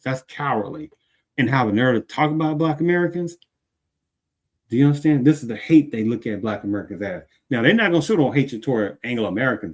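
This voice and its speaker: A man hosting a show, giving heated commentary and repeatedly asking if the listener understands. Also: lowish voice. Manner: emphatic, keeps asking "Do you understand?". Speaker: show host.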